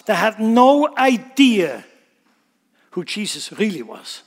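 High-voiced preacher in an echoing hall. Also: male voice, big pitch swings, takes it slowly. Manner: emphatic, explains scripture line by line. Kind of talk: sermon. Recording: long hall reverb.

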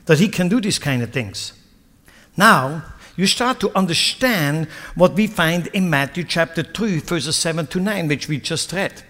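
A man's voice: on the high side, fairly bright tone. A male pastor preaching a sermon, dramatic and acting out the voices of people in the scripture. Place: church hall. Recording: long reverb of a church hall.

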